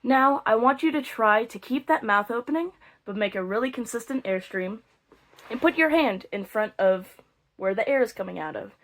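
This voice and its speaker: A woman's voice: fairly high pitch, animated, normal speed. A young woman teaching beginner flute, explaining step by step with playful, self-mocking jokes. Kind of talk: casual instructional video.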